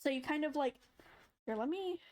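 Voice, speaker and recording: A woman's voice: high voice, animated, moderate pace, darkish tone. A young woman casually walking through a step-by-step tutorial, chatty and demonstrating sounds as she goes. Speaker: tutorial maker. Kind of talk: casual screen-recorded tutorial.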